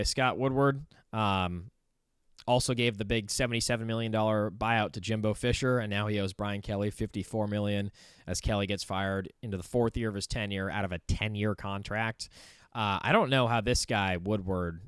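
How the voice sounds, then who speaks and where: A man's voice: mid-range voice, a bit bright, smooth, dry recording, clean studio sound. Opinionated young man riffing on sports. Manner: rambling, heavy use of "like", opinionated. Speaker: sports commentary host. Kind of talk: casual sports commentary monologue.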